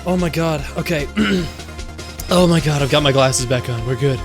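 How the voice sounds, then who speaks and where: A streamer chatting excitably and swearing while playing a courtroom game live. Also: mid-range voice, moderate pace. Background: game music.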